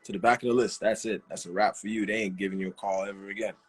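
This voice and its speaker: A man who is a professional fighter, guesting on a casual live-stream interview and speaking relaxed, often repeating words. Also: lowish voice, fast talker, breathy edge. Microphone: video call.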